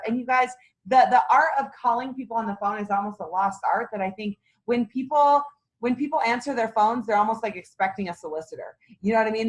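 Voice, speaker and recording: A woman's voice: on the high side, rough recording. A middle-aged woman leading a sales team meeting, giving an enthusiastic, folksy motivational talk on booking.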